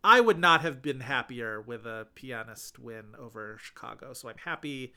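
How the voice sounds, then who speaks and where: A man co-hosting a casual film podcast, animated and enthusiastic. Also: medium pitch, normal speed, smooth. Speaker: podcast co-host.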